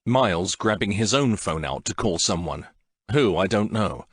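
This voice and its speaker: A man's voice: deep voice, expressive, moderate pace, breathy edge, dry recording. A man narrating a first-person audiobook in an emotional, intense way.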